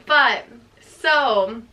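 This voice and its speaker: A woman's voice: high-pitched, bright, forceful tone. A young woman hosting a storytime vlog, telling it animatedly with constant fillers and laughter. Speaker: vlog host. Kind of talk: storytime chat. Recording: voice a bit distant from mic.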